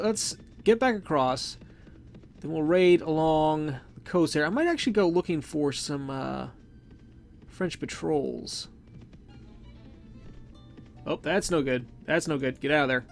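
A man with a gravelly, slightly higher voice talks through a strategy game in a relaxed, chatty way, thinking aloud and correcting himself as he goes. Game music runs faintly behind him on a desktop mic. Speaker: gameplay commentator. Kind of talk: casual let's play commentary.

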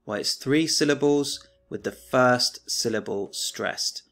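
A man teaching a remote lesson, reading a poem aloud in a measured, declaiming way and then explaining it plainly. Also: medium pitch, creaky, a bit bright, soft background music.

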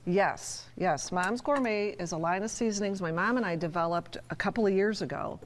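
A woman's voice: mid-range voice, normal speed. A woman appearing as a guest on a cooking show, chatting as she demonstrates a recipe.

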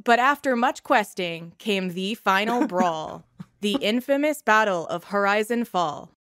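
A woman's voice: medium pitch, lively intonation, unhurried, fairly bright tone, dry recording, clean studio sound. A woman voicing a charming, tearful, vain young man in a tabletop game, rambling about himself. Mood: recital. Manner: rambling, self-admiring.

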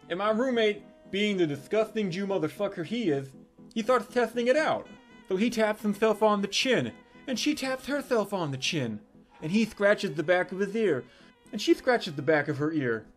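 Brash, high-voiced profane male storyteller. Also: expressive, moderate pace, soft background music. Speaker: comedic storyteller. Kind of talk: crude comedic storytelling monologue.

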